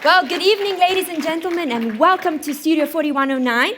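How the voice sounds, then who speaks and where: A woman's voice: very high voice, brisk. A woman from South Africa with a South African accent, hosting a comedy show with a playful, self-mocking stand-up monologue on stage. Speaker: host. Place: live studio stage.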